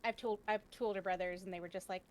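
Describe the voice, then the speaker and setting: A woman's voice: mid-range voice, steady tone, quick pace. Chatty woman telling a family story. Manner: chatty, laughs often, acts out quoted family lines. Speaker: panelist. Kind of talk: casual storytelling on a panel.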